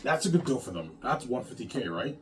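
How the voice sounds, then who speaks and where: Animated, stumbling male storyteller. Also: mid-range voice, brisk, slight background noise. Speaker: author and vlogger. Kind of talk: casual monologue.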